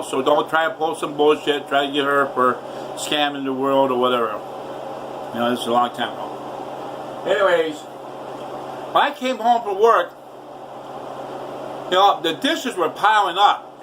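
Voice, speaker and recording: A man's voice: fairly high pitch, recorded from a distance, noisy background. A man telling a rambling, profane story in his home kitchen while cooking. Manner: profane, loud ranting storyteller.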